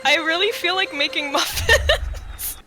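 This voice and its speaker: A woman's voice: very high voice, expressive, a little slow, very noisy. A woman gamer cracking cheeky jokes in a casual voice chat. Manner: joking, cheeky. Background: loud game music.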